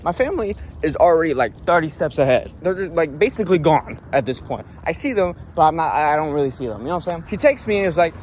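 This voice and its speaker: Young male vlogger, slightly high voice, cursing, rambling storytime rant, faint background noise. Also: sing-song, fast talker, few pauses, darkish tone. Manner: profane, annoyed, rambling with many fillers.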